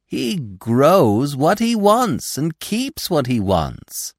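A man's voice: a little high, huge pitch swings, very slow, no echo, studio quality, pitched above the performer's own voice, exaggerated voice. Gobo, a man doing a boastful young buck. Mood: superior. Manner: boastful, superior.

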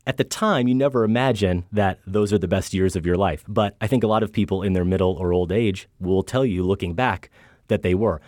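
A man's voice: sits low, brisk, a little mellow, dry recording, studio quality. A middle-aged man co-hosting a film podcast, talking in a reflective, earnest way about a movie and his own family. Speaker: podcast co-host. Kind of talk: casual film discussion.

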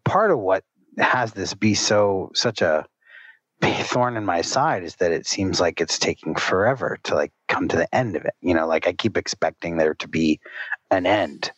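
Very deep-voiced man, dull sound. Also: moderate pace, fairly bright tone, slightly rough, no echo. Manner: candid and reflective. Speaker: caller. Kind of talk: advice conversation.

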